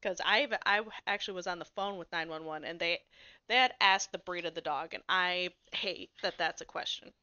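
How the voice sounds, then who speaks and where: A woman's voice: lowish voice, normal speed, smooth, no room sound, lo-fi sound. A woman co-hosting a podcast, telling a story in casual chat, blunt and swearing freely. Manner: animated storyteller. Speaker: podcast co-host.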